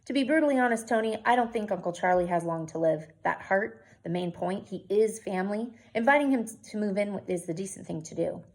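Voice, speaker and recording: A woman's voice: mid-range voice, animated, brisk, few pauses, lightly acted. A practical mother, firm and matter-of-fact, laying out a family decision in plain terms, as a woman reads her aloud from a storybook. Her voice sits in an ordinary middle range. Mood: earnest.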